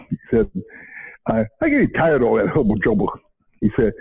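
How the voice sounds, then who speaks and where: Heard over narrow, phone-quality audio, a retired teacher in his later years rambles through interview stories, repeating himself and chuckling a lot. His medium-pitched voice swoops wildly up and down; he speaks briskly, with a creaky, slightly rough texture, and pauses often.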